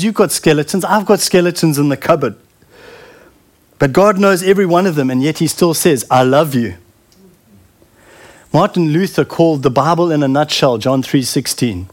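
A middle-aged man preaching a sermon in an earnest, heartfelt way, often pausing and repeating words. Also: fairly high pitch, a little mellow.

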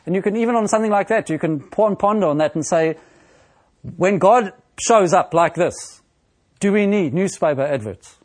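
Man preaching a slow, deliberate sermon. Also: high-pitched, animated. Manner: slow and deliberate, with frequent pauses and fillers. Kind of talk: expository sermon.

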